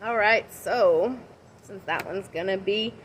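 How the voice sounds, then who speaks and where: A woman's voice: medium pitch, slow pace, a bit bright, a little hiss or hum, low-quality recording. A woman giving a casual tarot and oracle card reading on a livestream from outside her house. She chats and rambles and talks to her viewers by name.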